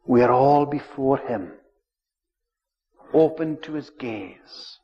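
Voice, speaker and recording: A man preaching a sermon in a church, measured and solemn, drawing out his key words. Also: medium pitch, expressive. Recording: dull lo-fi recording, long church reverb.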